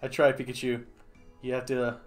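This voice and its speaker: This man streams a game in a casual, playful way, laughing often and talking to the creatures on screen. His medium-pitched voice is completely flat and fairly quick, with faint music behind him.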